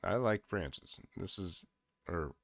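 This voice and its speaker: A man's voice: low voice, expressive, takes it slowly, creaky, fairly bright tone, no room sound, studio quality. A man streaming casual reaction commentary, laughing and exclaiming in disbelief.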